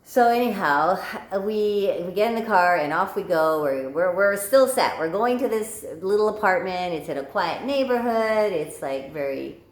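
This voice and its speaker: A woman's voice: mid-range voice, animated, moderate pace. A woman sex coach telling a story casually to camera, chatty with many fillers and repeated words. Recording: echoey room.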